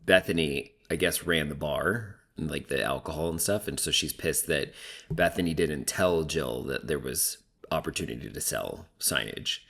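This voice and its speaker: Man, very low register, casual gossipy recap host, filler-heavy. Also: normal speed, creaky, fairly bright tone. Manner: chatty, gossipy, heavy use of "like". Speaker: reality TV recap commentator.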